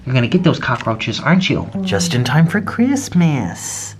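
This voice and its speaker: A woman chatting casually on a vlog, gushing with excitement and cooing baby talk at a pet. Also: rumbling low, normal speed, slight background noise. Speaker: vlogger.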